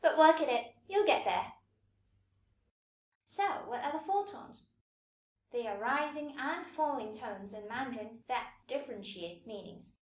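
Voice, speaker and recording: A woman giving a patient, scripted pronunciation lesson, demonstrating sounds slowly and clearly. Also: fairly high pitch, expressive, echoey room. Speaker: language teacher.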